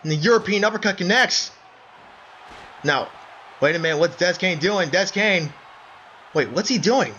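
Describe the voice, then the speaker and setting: A man doing excited play-by-play wrestling commentary, breaking into shouts of surprise and calling his listeners folks. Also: sits high, normal speed, long pauses. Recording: dull lo-fi recording with faint noise.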